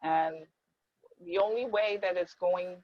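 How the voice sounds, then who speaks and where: A woman's voice: on the low side, steady tone, slow, highs cut off, soft background music. A woman in her thirties hosting a casual panel discussion, emphatic and repetitive, acting out the words of others as she makes her points. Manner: emphatic, repeats herself, acts out quoted speech. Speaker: podcast host.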